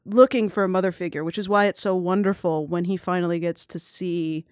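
Woman with a lowish voice, thoughtful, dry close sound. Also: steady tone, a little fast, darkish tone, smooth, no echo. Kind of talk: casual chat.

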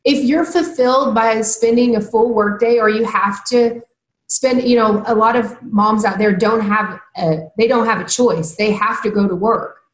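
A woman's voice: on the high side, steady tone, normal speed. A woman who works as a TV news anchor, talking earnestly and reflectively as a guest in a casual interview and giving advice. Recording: roomy echo.

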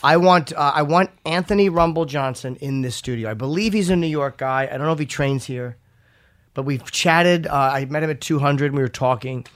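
A man's voice: a little high, moderate pace, a bit bright. A man hosting a podcast, chatting casually in a rambling, profane, self-deprecating way. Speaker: podcast host.

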